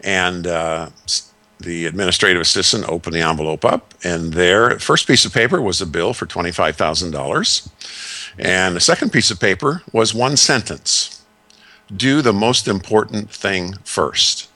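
A man in his sixties, a discipleship consultant, telling stories and giving advice in a measured, folksy way with many fillers. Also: low voice, expressive, pushed and bright, dry recording. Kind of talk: radio talk segment.

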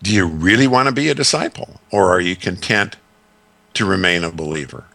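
A man in his sixties, a discipleship consultant, telling stories and giving advice in a measured, folksy way with many fillers. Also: low voice, vocal fry, fairly bright tone, no echo. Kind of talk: radio talk segment.

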